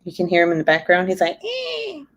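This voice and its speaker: A woman's voice: fairly low pitch, little pitch movement, rapid-fire, a bit bright. A young woman chatting casually and rambling on her live stream, giggling often. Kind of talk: casual chat.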